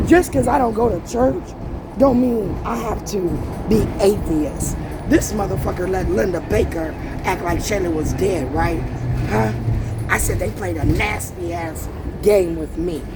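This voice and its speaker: A woman ranting about her family in a rambling, agitated way, swearing heavily, her voice climbing higher as she gets angrier. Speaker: vlogger. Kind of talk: emotional personal rant. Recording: loud vehicle noise behind.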